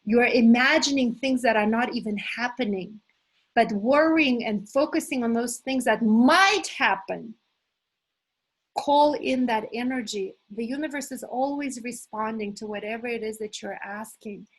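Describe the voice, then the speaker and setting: A middle-aged woman leading a live motivational workshop as a coach, enthusiastic and animated, talking to her listeners as "you guys". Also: on the high side, measured pace, husky, poor audio. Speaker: manifestation coach hosting an online challenge.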